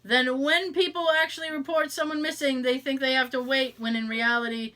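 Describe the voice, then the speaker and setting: Boston woman cohosting a podcast, high bright voice, swears a lot and keeps laughing. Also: steady tone, fairly quick. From Boston area. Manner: profane, laughs often, mock voices in quotes. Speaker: podcast co-host. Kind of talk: casual chat.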